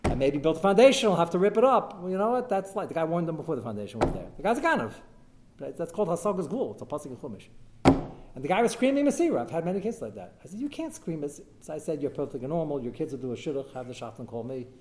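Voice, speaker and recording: A man with a somewhat high voice leads a Torah lecture as a rabbi. He tells his cases in lively, animated bursts, breaking off and restarting as he goes and dropping Hebrew and Yiddish words into his English. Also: very fast, background noise. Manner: animated storytelling, mixing in Hebrew and Yiddish terms; talks in short bursts with frequent fillers and restarts. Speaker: rabbi answering questions of Jewish law.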